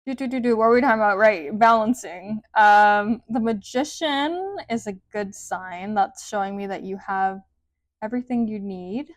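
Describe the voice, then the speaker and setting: A woman's voice: medium pitch, moderate pace, no room sound, clean studio sound. Chatty woman reading tarot. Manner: chatty, rambling, says "like" often; sing-song sentence endings. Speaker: tarot reader.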